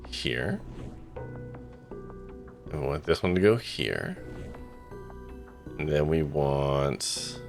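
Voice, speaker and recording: A man's voice: very deep voice, creaky. A man streaming a game, chatting casually in a rambling way with lots of fillers. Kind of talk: casual let's-play commentary.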